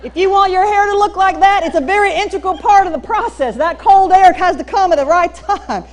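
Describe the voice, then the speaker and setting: A woman with a Southern US drawl tells stories to a room of teachers, her voice sitting high. She is folksy and animated, and she leans hard into her punchlines. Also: brisk. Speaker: speaker at a teacher training day. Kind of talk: storytelling keynote talk. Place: church hall used for a school district training.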